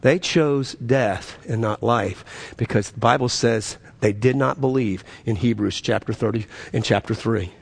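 A pastor delivers a sermon at a measured pace, his husky voice carrying vocal fry. He swings from loud, emphatic highs to quiet, low stresses, often repeating words as he builds his point.

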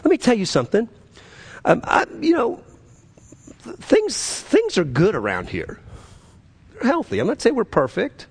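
A pastor delivering a sermon in a somewhat high voice for a man. He preaches with big swings, climbing to loud emphatic peaks and dropping to low, quiet stresses. He often doubles back on his words. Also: huge pitch swings, measured pace, long pauses, slightly rough.

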